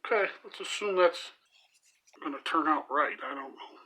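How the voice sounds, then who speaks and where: Bright-voiced man, profane cooking vlogger. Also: fairly high pitch, moderate pace, faint music behind. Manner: profane, laughing, rambling anecdote delivery. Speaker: home cooking channel host. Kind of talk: crude storytelling while cooking.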